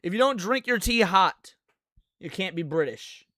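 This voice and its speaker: A man's voice: high voice, animated, a little slow, sharp tone, dry recording, clean studio sound. A man hosting a casual commentary show, making sarcastic, mocking asides and answering questions from chat. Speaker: host.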